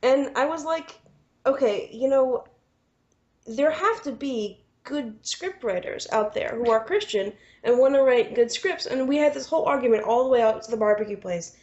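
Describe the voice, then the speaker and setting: A woman's voice: sits high, moderate pace, a little mellow. A woman co-hosting a podcast in casual chat, rambling and acting out film scenes with lots of "you know". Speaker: podcast co-host. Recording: dull lo-fi podcast sound.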